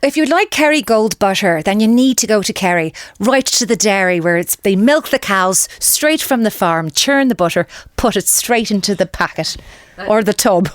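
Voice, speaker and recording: A cheerful Irish woman, as a woman puts her on, sells farm butter in a lilting, folksy sing-song. The Irish accent sounds warm and homely. The voice is lifted a little above a plain speaking voice. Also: medium pitch, lively intonation, normal speed, no echo, studio quality, natural voice.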